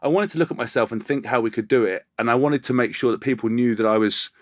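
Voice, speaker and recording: Fast-talking podcast host. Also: male voice, medium pitch, no echo, clean studio sound. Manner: earnest, rambling, self-correcting. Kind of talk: conversational interview.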